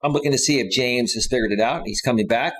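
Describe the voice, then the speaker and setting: A man hosting a live stream, laughing a lot as he reads chat and loudly thanks donors. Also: mid-range voice. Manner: slow, drawn-out delivery with loud outbursts.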